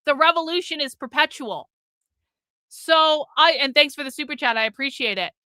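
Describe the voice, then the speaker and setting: A woman's voice: high voice, normal speed, sharp tone, no echo. A woman hosting a live stream, ranting in a profane, combative way with a sarcastic, mocking edge, stopping to read and thank viewers' super chats.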